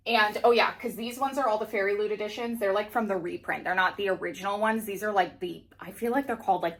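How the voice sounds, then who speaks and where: A woman in her thirties chatting casually to camera at home while rearranging bookshelves, giggly and out of breath, with lots of fillers. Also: medium pitch. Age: 30s. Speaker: book vlogger.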